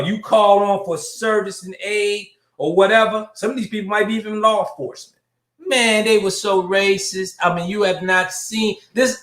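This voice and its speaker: Greeting viewers by name, a middle-aged male show host gives blunt, profane livestream commentary. His high voice comes across bright and forceful, and the room sounds echoey.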